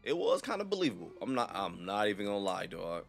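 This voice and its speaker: Lively young man in fast slangy chat. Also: fairly low pitch, gravelly, music in the background. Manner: animated, rambling, profane slang. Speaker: reaction video host. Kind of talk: casual reaction chat.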